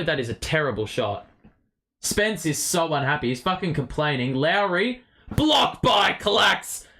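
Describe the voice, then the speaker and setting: Hosting a fan watchalong stream, a man does partisan play-by-play straight into a desk mic, swearing freely. His fairly high voice shoots up into excited shouts on big plays and sinks to low mutters during lulls.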